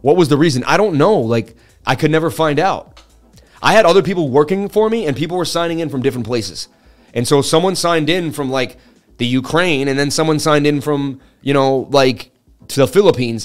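A man of middle pitch hosts a live stream, running through charts and reading chat at the same time. He talks in a chatty, excitable way and often stops to address his viewers directly. Faint music plays softly underneath his voice. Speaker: livestream host.

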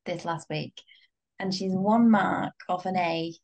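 A woman's voice: lowish voice, slow, vocal fry, darkish tone, dull audio. A woman co-hosting a podcast in casual chat, wry and exasperated, with some laughter. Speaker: podcast co-host.

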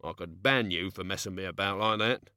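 A man voicing a gruff, slow-talking working-class barman who grumbles and drops his grammar. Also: sits low, sharp tone, dry recording, clean studio sound. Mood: grumbling.

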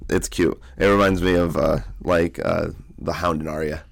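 Young male podcast co-host, deep gravelly voice, loose rambling recap. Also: steady tone, moderate pace. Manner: rambling, lots of fillers and likes. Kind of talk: casual book discussion.

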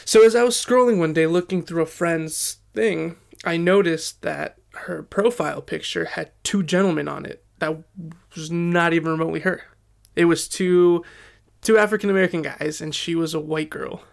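A young man telling a story in a casual, animated way, acting out the quotes. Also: a little high, moderate pace, vocal fry.

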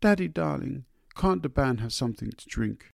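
A man voicing an eager, soft-hearted young girl in a storybook reading, speaking earnestly and softly. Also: medium pitch, expressive, normal speed, creaky, no echo, clean studio sound, voice pushed up.

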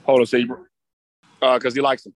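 A man bantering playfully in a casual discussion, answering with quick, hesitant replies. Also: mid-range voice, level tone, dry recording. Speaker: panelist.

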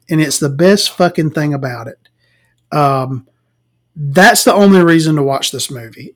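A man's voice: fairly high pitch, animated, normal speed, breathy edge. A man ranting about a movie in a rambling, sarcastic, profane way, laughing at his own jokes. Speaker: movie reviewer. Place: home recording, eating and drinking.

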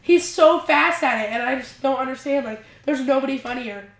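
A congested young woman, a podcast guest, rambling in casual chat and filling every pause with "like". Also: high voice. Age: young adult. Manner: rambling, says "like" constantly. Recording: echoey room.

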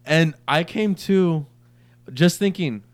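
A young man with a smooth, resonant voice tells a rambling story on a podcast, swearing freely. He acts out each quoted line with lively energy. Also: a little high, takes it slowly. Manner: profane, animated storyteller acting out quotes. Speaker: podcast co-host. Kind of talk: casual storytelling.

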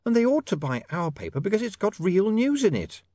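A prim, snappish young woman reporter, as a male reader puts her on speaks in a raised, proper voice far above the reader's own. The storybook reading is dry and close, with a pitch that swings up and down. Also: huge pitch swings, a little fast, dark tone, no room sound, heavily acted. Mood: indignant. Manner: primly snappish.

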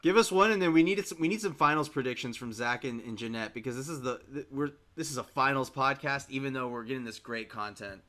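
A man co-hosting a podcast in casual chat, excitable and teasing, often laughing. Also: medium pitch, fast talker, few pauses. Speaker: podcast co-host.

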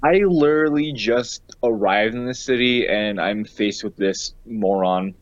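A man's voice: fairly low pitch, measured pace, no room sound. A man playing a tabletop game, speaking dry and exasperated in character. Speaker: player. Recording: slightly dull lo-fi sound.

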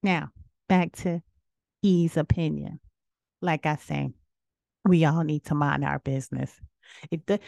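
A woman in her thirties hosting a podcast, giving outspoken, sassy opinions in a casual way, with sudden jumps from low murmurs to high exclamations. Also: darkish tone, dry recording, studio quality. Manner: sassy, outspoken, preachy asides. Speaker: podcast host.

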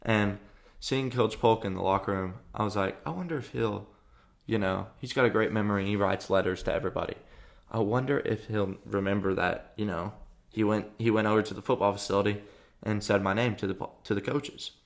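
A young man from Arkansas hosting a podcast, telling a story in a chatty, animated way with lots of fillers. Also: lowish voice, brisk. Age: young adult. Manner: chatty, frequent fillers and restarts, animated retelling. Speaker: podcast host. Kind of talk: casual storytelling monologue.

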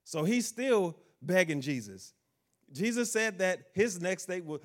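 A preacher with a voice a little higher than most men's. He reads scripture, then retells it with quoted lines for each figure, and keeps asking the congregation questions to pull them along. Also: expressive, measured pace. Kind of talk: sermon.

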